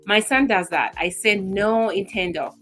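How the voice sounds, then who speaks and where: A woman's voice: medium pitch, measured pace, fairly bright tone, soft background music. A mother on a talk show panel chatting about her children, playing out their requests in little voices. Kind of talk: casual chat.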